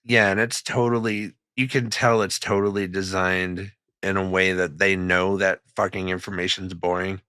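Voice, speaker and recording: A young man co-hosts a podcast in loose, casual chat. His voice sits very low yet sounds bright and forward, recorded dry and close. He swears freely and laughs often. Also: level tone, normal speed, hardly any pauses, clear, resonant tone, no echo. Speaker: podcast co-host.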